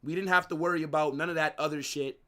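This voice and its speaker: Young guy streamer raging about football, kinda high bright voice, cussing a lot. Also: steady tone, fast. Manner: frustrated, swearing, ranting. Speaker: livestream host. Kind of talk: live football watch-along reaction.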